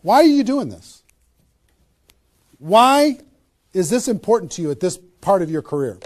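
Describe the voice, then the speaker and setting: A man giving an energetic motivational training talk to a small live audience, pressing home his points with emphatic rhetorical questions. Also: high-pitched, moderate pace. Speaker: network marketing trainer.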